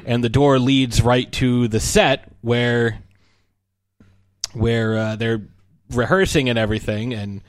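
A man works through a film's ending in a loose, rambling recap and slips into the characters' voices. His pitch sits in the middle. The sound is dry and close to the mic. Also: fairly even intonation, takes it slowly, smooth, dry recording. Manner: rambling plot recap, acts out lines. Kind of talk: casual movie discussion.

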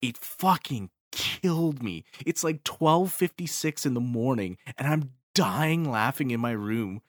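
A man in casual podcast chat about an anime, swearing freely and excitably retelling scenes. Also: mid-range voice, a little slow, dry recording, clean studio sound. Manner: profane, excitable, animated retelling.

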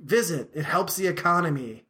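Guy doing a cheery australian rock singer hyping the crowd, pitched up high. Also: lively intonation, normal speed, bright, forceful tone. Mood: chirpy. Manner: chirpy crowd banter, overly cheerful.

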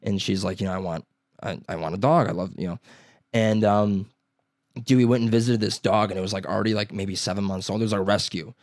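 Rambling young man, low dry voice. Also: steady tone, brisk, darkish tone, no room sound. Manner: rambling storyteller, heavy on "dude" and "like"; acts out other people's lines in quotes. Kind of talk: casual chat.

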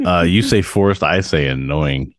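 A man's voice: low-pitched, measured pace, dry recording. A man co-hosting a podcast in casual chat, making dry, blunt remarks. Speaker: podcast co-host.

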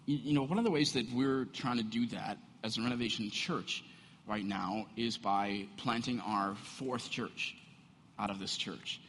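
A man preaching a sermon as a pastor, animated and conversational, often asking the congregation rhetorical questions. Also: on the low side, a little slow, slight background noise. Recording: echoey hall.

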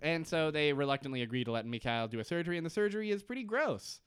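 A man's voice: fairly high pitch, lively intonation, fast talker, fairly bright tone, clear, resonant tone, no room sound, clean studio sound. A young man co-hosting a podcast, recapping TV in a rambling, jokey way and swearing often. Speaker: podcast co-host. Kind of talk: casual TV recap chat.

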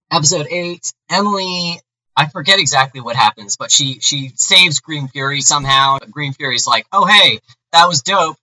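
A man with a very bright, forceful voice walks through a TV episode recap in loose, easygoing podcast chat. His talk rambles and is full of fillers as he co-hosts. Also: mid-range voice, poor audio. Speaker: podcast co-host.

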